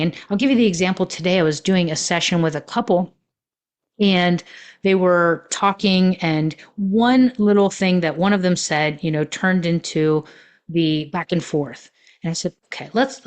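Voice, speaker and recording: A woman coaching on relationships in a podcast monologue, telling personal stories in a reflective way with many fillers. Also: lowish voice.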